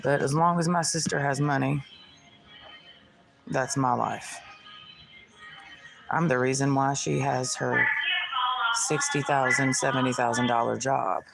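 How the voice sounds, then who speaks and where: A woman's voice: rumbling low, steady tone, a little slow, vocal fry, long pauses, over music, poor audio. A woman vlogger ranting to the camera in an aggrieved, venting way, repeating herself and swearing. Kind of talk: personal rant to camera.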